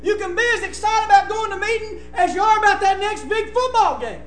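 Impassioned preacher, high bright voice. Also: male voice, fast talker, reverberant, faint music behind. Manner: impassioned, often shouting. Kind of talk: sermon.

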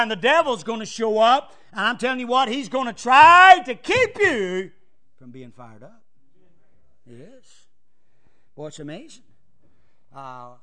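A male pastor preaching a fiery sermon, swinging from loud cries to hushed asides. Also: sits high.

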